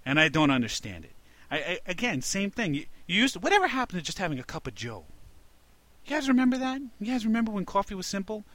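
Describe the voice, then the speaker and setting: A man's voice: high voice, very animated, fast talker, no room sound. A man from New York with a New York accent, a podcast co-host ranting comedically and getting more and more exasperated. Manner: exasperated, ranting, rising to indignant shouts. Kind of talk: comedic rant.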